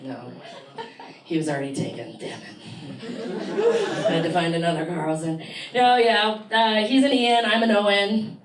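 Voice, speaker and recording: A woman's voice: mid-range voice, normal speed, pauses often. Brash woman doing stand-up, echoey room. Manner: brash, chatty with the crowd. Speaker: stand-up comic. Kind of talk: stand-up comedy set. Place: small comedy theater, live audience. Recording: echoey room, mic from far, noisy.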